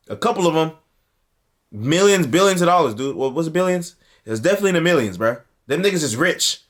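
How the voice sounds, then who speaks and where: A young man hosting a reaction video, talking in a blunt, animated way, with heavy slang. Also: on the high side. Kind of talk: casual reaction commentary.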